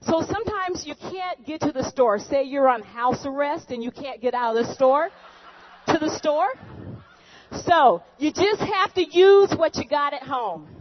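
A woman's voice: sits high, animated, unhurried, slight background noise. A woman hosting a comic cooking show skit, chatty and joking with the viewers. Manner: chatty, jokey, talks to viewers. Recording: dull lo-fi recording.

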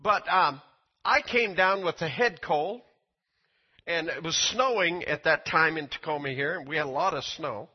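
An older male preacher with a husky, slightly high voice, speaking in a folksy, stumbling sermon style that often jumps up in pitch when he acts out quotes. The recording sounds dull and lo-fi. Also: moderate pace. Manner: folksy, repeats words, rises to high excited quotes. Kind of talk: sermon with personal testimony.

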